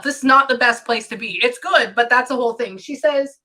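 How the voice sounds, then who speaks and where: A woman working as a medium in a casual reading, talking in halting bursts and often breaking off to say hang on. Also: high-pitched, animated, pushed and bright. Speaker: psychic medium. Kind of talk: casual one-on-one reading session.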